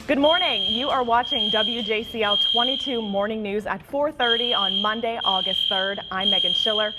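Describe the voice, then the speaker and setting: A woman anchoring a morning newscast in a calm, reassuring way. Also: a little high, normal speed, very noisy. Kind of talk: live news anchoring. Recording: fire alarm blaring in studio.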